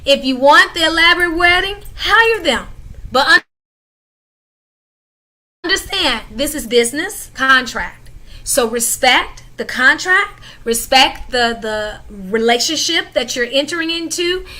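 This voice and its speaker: A woman hosts a casual panel chat with a high, bright voice. She is emphatic and lively and laughs often as she makes her points. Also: measured pace. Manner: talks in a casual conversational way. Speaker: host.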